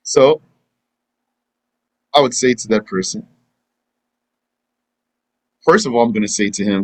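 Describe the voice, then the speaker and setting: An Islamic teacher gives a live religious lesson and answers questions, speaking conversationally and acting out imagined back-and-forth dialogues. His medium-pitched voice is animated but a little slow, with long pauses, and the audio is poor.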